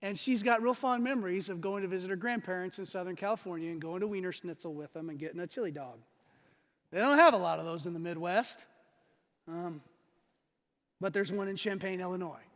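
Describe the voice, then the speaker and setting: Male pastor, very high voice, lively storyteller who acts out the people he quotes, long church-hall reverb. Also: brisk. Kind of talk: sermon with personal storytelling. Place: church sanctuary.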